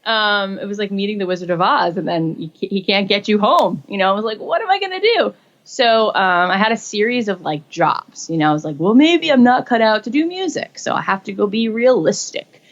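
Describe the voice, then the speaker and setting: A woman in her forties telling her own story in a casual interview, acting out quotes with lively jumps in pitch. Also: brisk, hardly any pauses, dull audio. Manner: animated, acts out quotes with rising pitch. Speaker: guest.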